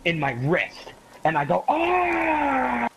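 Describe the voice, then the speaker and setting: A young man casually telling a long story to a friend in a rambling, profane, animated way. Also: a little high, normal speed, poor audio.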